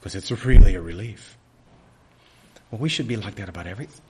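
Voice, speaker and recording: A man preaching a sermon in an earnest, halting way, hiccuping often, with a raw throat. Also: fairly low pitch, expressive, background noise.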